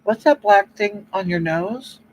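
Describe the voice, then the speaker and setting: In a comedic improvised livestream monologue, a performer plays a self-righteous older woman who reads the chat while gushingly rambling and preaching about love. She keeps saying "you know what?" and swoops up and down in pitch, speaking a little slowly in a natural, darkish-toned voice over poor audio.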